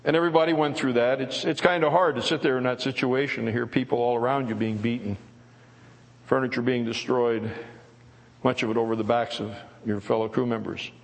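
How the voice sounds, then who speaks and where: An older man, a former prisoner of war, giving an earnest, reflective spoken testimony at a church service, with halting restarts. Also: mid-range voice, steady tone, gravelly. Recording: long reverb of a large hall.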